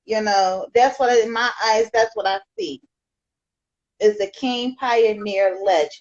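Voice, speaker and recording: Casting: podcast host woman, enthusiastic and admiring, fairly high voice, lo-fi sound. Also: measured pace, darkish tone. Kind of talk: casual interview chat. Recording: dull lo-fi audio.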